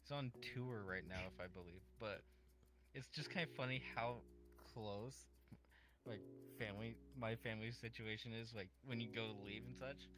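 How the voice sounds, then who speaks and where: A man's voice: lowish voice, moderate pace, over music. A man telling jokey, rambling stories in casual podcast chat. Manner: storytelling, joking, rambling.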